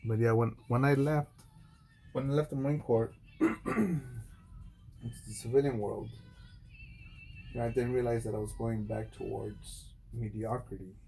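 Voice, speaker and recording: A former Marine speaks to camera in a loose, profane monologue, his voice dark and mellow. He tells his story bluntly, breaking off and restarting his sentences, while faint music plays underneath. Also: steady tone, moderate pace, vocal fry, long pauses. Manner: mimics others in a high mocking voice. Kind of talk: unscripted vlog monologue.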